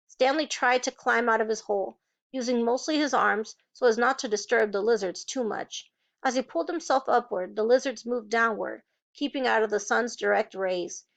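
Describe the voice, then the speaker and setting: A woman's voice: a little high, normal speed, vocal fry. A woman reading a novel aloud, changing her voice to play each character. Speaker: reader.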